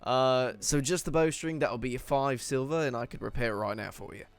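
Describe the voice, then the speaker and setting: A man voicing a gruff, friendly male dwarf shopkeeper with a brisk, businesslike manner. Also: mid-range voice, natural voice.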